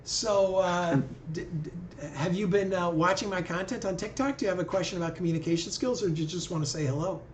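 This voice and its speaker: A man's voice: high-pitched, fast, few pauses, slight background noise. A man hosting a live video call with callers, talking in an easygoing, conversational way. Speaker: livestream host. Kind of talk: casual live chat with callers. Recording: echoey room.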